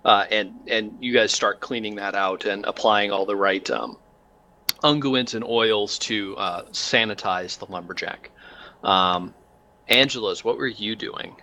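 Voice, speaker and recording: Male game master, casual rambling narration full of fillers, bright and forceful tone. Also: fairly low pitch, a little slow.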